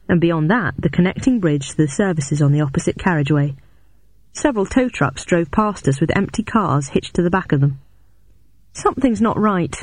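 A woman narrating a novel in the first person, in a measured storytelling way. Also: no echo. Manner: measured storytelling, raises pitch sharply for shouted dialogue. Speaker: audiobook narrator.

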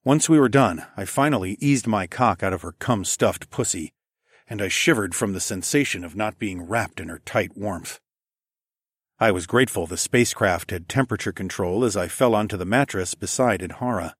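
A man narrating an erotic audiobook in a soft, intimate, often hushed voice. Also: fairly low pitch, moderate pace, slightly rough, no echo, studio quality.

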